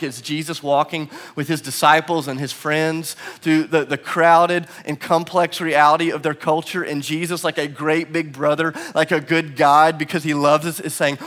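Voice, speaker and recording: A man's voice: a little high, fairly bright tone. A man in his thirties, a pastor, preaching a sermon through a self-deprecating, storytelling manner. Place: church hall.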